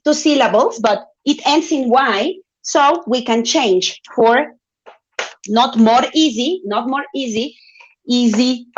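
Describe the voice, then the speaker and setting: A woman teaches English in an online class, speaking at a slow, patient pace with a slightly high voice. She coaxes students to take part and draws out key words. The audio sounds dull and lo-fi, like a laptop mic on a video call. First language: Spanish.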